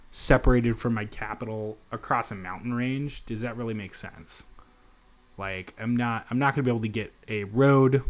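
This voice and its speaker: A man talks through a strategy game, thinking aloud and weighing his moves. His pitch rises and falls in a lively way, and he wanders through restarts and little asides. The feel is casual and unscripted, like recording at home in a city apartment. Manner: thinks aloud, rambling, many fillers and restarts. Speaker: gamer. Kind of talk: let's play commentary.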